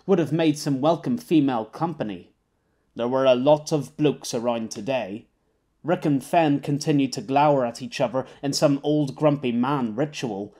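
Man narrating an audiobook, medium pitch. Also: a little mellow. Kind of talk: scripted narration.

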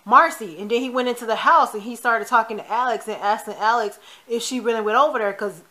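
A woman talks through a TV episode in a relaxed, opinionated recap, quoting the characters as she goes. Her voice sits a little high and sounds very bright and forward. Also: fast. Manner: chatty, opinionated retelling of scenes; quotes the characters in passing. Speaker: TV recap vlogger.

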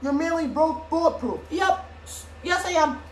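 A woman improvising a toy play, voicing several characters and switching voices, with bursts of shouting. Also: high-pitched, lively intonation, normal speed. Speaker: home video creator. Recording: echoey room with faint background noise.

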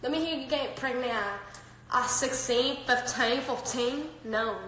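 Brash, profane woman live-streaming from home; bright, high voice, lots of laughing, echoey room. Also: a little slow, a little hiss or hum. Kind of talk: casual live-stream chat. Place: home with her dogs. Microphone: phone.

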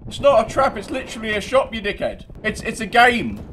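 A man's voice: high-pitched, sing-song, fairly quick, a bit bright, a little hiss or hum. A British man running casual gameplay commentary, laughing and swearing as he banters with other players. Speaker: game streamer.

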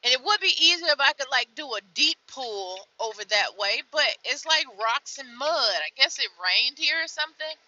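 A young woman truck driver venting from her cab in a vlog, weary and frustrated, dropping to tired mutters and then flaring up loud. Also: high-pitched, expressive, moderate pace, few pauses, dull audio.

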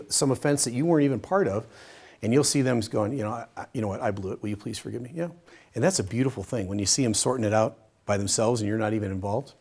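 Conversational male Bible study teacher. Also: medium pitch. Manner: conversational, acts out short dialogues in a softer voice; demonstrative, uses a pen as a prop. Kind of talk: teaching session on forgiveness.

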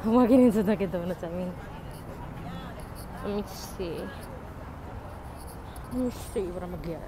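A woman's voice: fairly low pitch, normal speed. A young woman from the Dominican Republic vlogging casually on a handheld phone in stores and on the street, talking in a blunt, profane, chatty way. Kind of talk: casual vlog narration. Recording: phone audio with loud public background noise.

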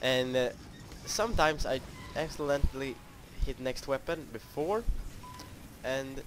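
A man's voice: mid-range voice, unhurried, heavy background noise. A young man giving live commentary over his own gameplay, frustrated, swearing and mocking his own skill in rambling talk.

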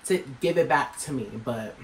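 A woman reacting to an album for her channel, loud and dramatic, swearing freely and exclaiming at every track. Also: rumbling low, animated, moderate pace, a little hiss or hum. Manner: brash, profane, dramatic exclamations. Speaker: music reaction YouTuber. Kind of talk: music reaction vlog. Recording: roomy echo, faint music behind.

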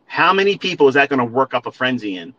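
A man's voice: medium pitch, sing-song, fast, a bit bright, dull audio. A man ranting at listeners on a live audio stream, profane and emphatic, repeating his points and calling them folks. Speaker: trading educator.

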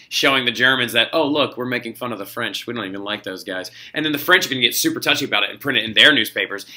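A male history teacher lectures in a loose, joking way and speaks straight to his class. His voice is very bright and forceful, and his pitch sits in the middle for a man. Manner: energetic, jokey, talks straight to students. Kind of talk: casual recorded classroom lecture.

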